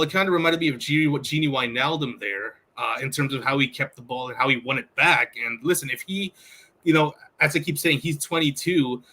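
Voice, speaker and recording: A man on a casual sports podcast talks in an excitable, rambling way, full of fillers and restarts. His voice is bright and sits a little high. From outside the US. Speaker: podcast co-host.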